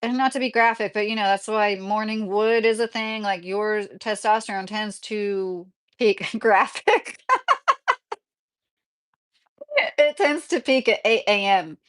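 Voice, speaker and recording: A woman's voice: medium pitch, moderate pace, hardly any pauses, smooth. A woman live streaming from home, chatting casually, reading out chat messages and laughing often. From Kentucky, USA.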